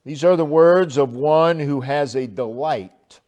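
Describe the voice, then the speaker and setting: A man preaching a sermon, slow and deliberate, with long pauses and swelling emphasis. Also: a little high, a little mellow, highs cut off. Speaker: pastor.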